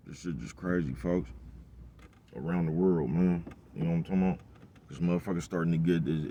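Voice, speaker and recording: A man's voice: low-pitched, darkish tone, a little hiss or hum. A man, rambling in a casual monologue full of profane street slang and constant "bruh". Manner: rambling, profane street slang, repeats "bruh" and "you know what I'm talking about". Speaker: vlogger.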